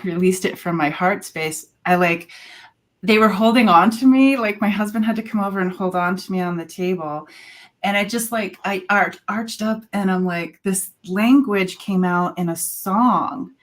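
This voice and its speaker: A woman with a somewhat low voice recounts a personal experience as a show guest. She pauses often on fillers as she talks and picks her words slowly. Her delivery is conversational and unscripted. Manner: halting, many filler pauses.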